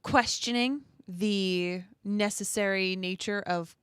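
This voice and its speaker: A woman's voice: mid-range voice, slow pace, fairly bright tone, clean tone, dry recording, studio quality. A woman, a former teacher, co-hosting a podcast in casual, filler-heavy storytelling chat.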